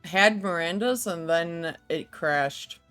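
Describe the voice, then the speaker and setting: A woman's voice: on the low side, slow, fairly bright tone, clear, resonant tone, soft background music. A woman playing an online tabletop game, chatting casually with the group. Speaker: player.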